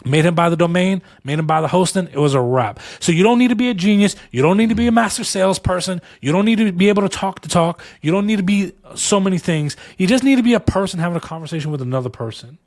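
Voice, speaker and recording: Tired podcast co-host, male, slightly high voice, recorded dry; animated storyteller who repeats points for emphasis. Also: quick pace, few pauses, no echo. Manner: animated, acts out dialogue in stories; motivational, emphatic repetition. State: tired after back-to-back recording. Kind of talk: casual storytelling.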